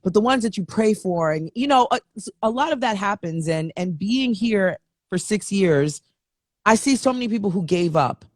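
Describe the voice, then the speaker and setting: A woman's voice: mid-range voice, animated, normal speed, darkish tone, no echo, clean studio sound. A woman hosting an interview, asking long, rambling, admiring questions of her guest. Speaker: podcast host.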